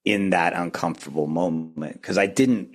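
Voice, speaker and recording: Man guest, very low voice, earnest and reflective, restarts his sentences. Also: moderate pace. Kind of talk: reflective conversation.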